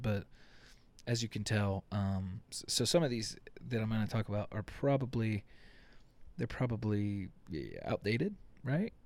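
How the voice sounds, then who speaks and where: A young man hosting a casual solo podcast, rambling and swearing, acting out quick quotes with jokey asides. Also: fairly low pitch, dry recording. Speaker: podcast host.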